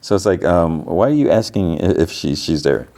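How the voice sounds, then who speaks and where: A man's voice: low-pitched, expressive, normal speed, vocal fry, warm tone. A man hosting a podcast, casually recapping TV episodes in a rambling way with lots of filler "like". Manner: rambling, heavy use of filler "like". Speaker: podcast host.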